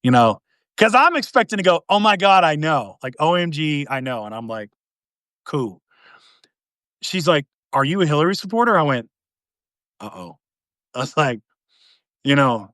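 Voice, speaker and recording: A man hosting a podcast, telling a long dating story in a casual, animated way, acting out the quotes with big swings in pitch and volume. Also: normal speed, long pauses, dry recording, clean studio sound. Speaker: podcast host.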